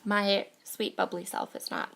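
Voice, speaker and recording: A chatty woman in her thirties talks through a craft project, hoarse from a cold, with a gravelly, fry-edged voice at a middle pitch. She gushes over cute things in a bubbly, casual way. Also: very animated, unhurried, a bit bright. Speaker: scrapbooking crafter. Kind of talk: casual crafting tutorial chat.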